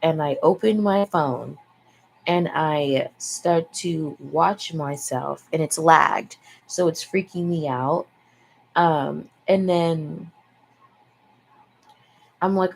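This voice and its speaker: In a rough recording with faint background noise, a young female vlogger chats in a frank, rambling way, sighing and cursing often. She has a deep, darkish voice with vocal fry and takes things slowly.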